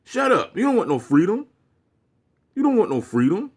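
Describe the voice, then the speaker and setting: Man, vlogger, preachy swearing rant, lively up-and-down voice, slightly high. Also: normal speed, husky. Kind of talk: profane monologue rant.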